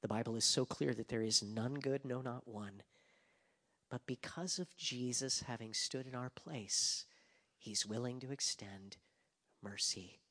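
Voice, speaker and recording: A male pastor preaches a passionate sermon, climbing to loud emphasis and sinking into hushed whispers. His mid-range voice moves a little slowly, and the recording carries a long hall reverb.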